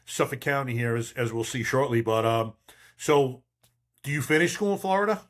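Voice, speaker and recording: A man's voice: medium pitch, moderate pace. A man in his fifties hosting a podcast, chatting casually and calling his guest bro and brother. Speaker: podcast host. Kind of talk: casual interview chat.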